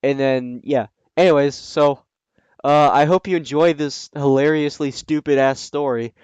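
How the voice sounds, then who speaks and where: Man, reading a story aloud, sarcastic mocking asides, smooth clear voice, dry close sound. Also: on the high side, fairly even intonation, unhurried, darkish tone, dry recording, muffled recording. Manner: sarcastic, scoffing asides with frequent ums. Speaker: reader and commentator.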